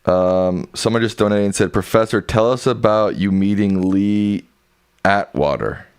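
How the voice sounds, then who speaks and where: A man's voice: on the low side, a little slow, smooth, dry recording, studio quality. A young man co-hosting a live election stream, casually reading out viewer donations and market updates. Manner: relaxed, reads viewer messages aloud.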